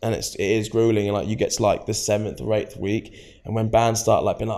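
A man's voice: lowish voice, steady tone, fairly quick, dark tone. A man telling a story in a casual interview, rambling with many fillers. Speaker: frontman guest.

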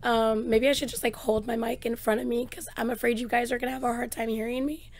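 A woman with a hoarse, strained voice sits at her desk microphone and talks straight to her viewers. She is chatty and excitable, sprinkling in fillers, and her pitch sits a little on the high side. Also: fast talker. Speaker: reaction channel host. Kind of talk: casual chat to camera.

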